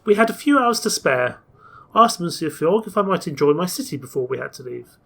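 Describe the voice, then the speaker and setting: A man's voice: on the high side, sing-song, brisk, creaky, bright, forceful tone. A man playing a story game, reading its text aloud and chatting about his choices. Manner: chatty, mixes reading with plans. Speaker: game player.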